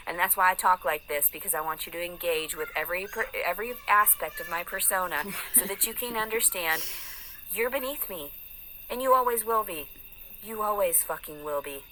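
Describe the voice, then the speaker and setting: A woman's voice: fairly low pitch, brisk, sharp tone, a little hiss or hum, poor audio. A woman in an angry, profane rant, taunting and aggressive, swearing constantly. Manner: mocking sing-song put-on voices.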